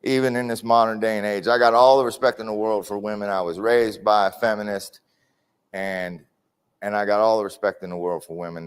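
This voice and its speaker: Middle-aged guy, kinda low smooth voice, rambling honest recovery talk, says stuff twice for effect. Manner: candid, rambling, repeats phrases for emphasis. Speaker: recovery speaker. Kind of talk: personal testimony talk. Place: correctional facility hall.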